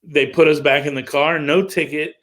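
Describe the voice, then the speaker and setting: A middle-aged man, a music promoter, casually telling an animated story on a livestream call, with lots of filler words. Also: fairly high pitch, normal speed.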